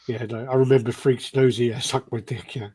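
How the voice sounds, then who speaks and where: A man's voice: medium pitch, flat delivery, brisk, a little mellow, slightly rough, dry recording. A man co-hosting a collectibles podcast, telling long rambling stories in casual chat and swearing freely. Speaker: podcast co-host.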